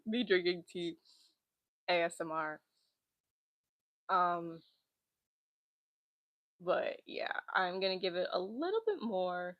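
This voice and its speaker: Young woman, twenties, casual streamer; yappy and giggly, bright tone, close and dry. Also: fairly low pitch, expressive, slow, pauses often, dry recording. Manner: rambling, chatty, giggly. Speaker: livestream host. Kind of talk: casual livestream chat. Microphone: laptop mic.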